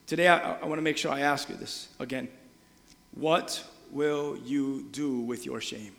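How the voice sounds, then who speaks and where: A man preaching a sermon, animated, acting out voices and shouting the quoted lines. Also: medium pitch, a little slow, vocal fry. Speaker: pastor. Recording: long reverb of a large hall.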